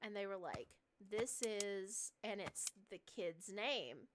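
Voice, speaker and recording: A woman's voice: medium pitch, measured pace, noisy background. A young adult woman streaming a horror game, telling a long story in a casual, chatty way full of fillers and swearing.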